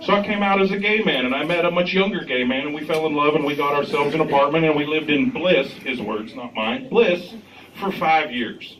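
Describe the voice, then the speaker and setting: A man doing stand-up comedy, telling a story in a deadpan way and acting out the other man's lines in an agitated voice. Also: a little high, fairly quick, hardly any pauses, crowd noise. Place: comedy club stage. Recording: echoey club recorded from a distance.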